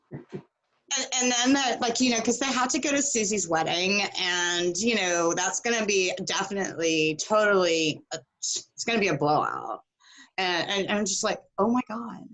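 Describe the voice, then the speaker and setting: A woman's voice: medium pitch, moderate pace. A middle-aged woman telling a story as a podcast guest, acting out the people she quotes. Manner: animated, acts out quoted voices. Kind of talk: casual storytelling.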